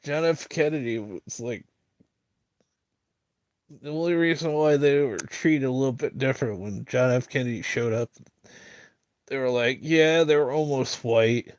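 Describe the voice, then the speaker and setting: A man's voice: medium pitch, moderate pace, long pauses, no echo. A man rambling in a casual monologue, full of fillers and restarts, mocking the people he disagrees with. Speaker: streamer.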